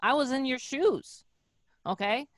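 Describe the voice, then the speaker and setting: A woman's voice: high voice, animated, measured pace, dry recording. Earnest, heartfelt woman host on a video call.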